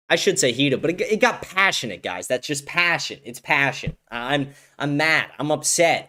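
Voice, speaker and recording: A man's voice: mid-range voice, a bit bright. A man hosting a live-stream political commentary show, ranting angrily and swearing often. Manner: angry, profane ranting. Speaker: show host.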